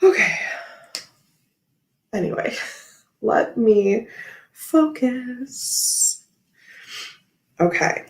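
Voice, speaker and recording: Slow, gravelly-voiced woman livestreaming tarot. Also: mid-range voice, reverberant. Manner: chatty and giggly, many fillers like "like" and "okay, anyway". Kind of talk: casual livestream chat reading comments.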